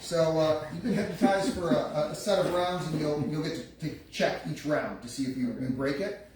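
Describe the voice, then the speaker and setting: A game master narrates a live tabletop game from a room around a gaming table, his fairly high, slightly mellow voice sounding echoey and distant. He describes the scene haltingly, restarting often. The mic is far away in an echoey room, with faint noise.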